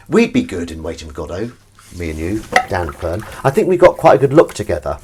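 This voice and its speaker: A man with a fairly low voice talks casually to his live-stream viewers while washing up, rambling and poking fun at himself. His pitch swings widely from one phrase to the next. Frying and sizzling from the kitchen sound clearly behind him. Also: very animated, brisk, noisy background. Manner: rambling, self-mocking, chatting to viewers. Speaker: livestream host washing up. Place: home kitchen at the sink. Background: frying and sizzling food, clinks.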